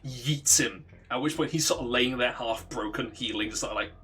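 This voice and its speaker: Husky man retelling a story. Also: medium pitch, fairly quick, pushed and bright. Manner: rambling, chuckling, acts out quotes. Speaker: streamer. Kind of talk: casual livestream storytelling.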